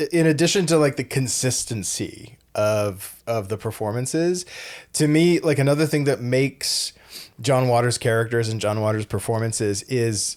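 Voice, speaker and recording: A man's voice: medium pitch, a little mellow. A man co-hosting a casual movie podcast, thinking aloud with hesitant, searching phrasing. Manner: halting, many fillers and restarts while thinking aloud. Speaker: podcast co-host. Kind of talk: casual film discussion.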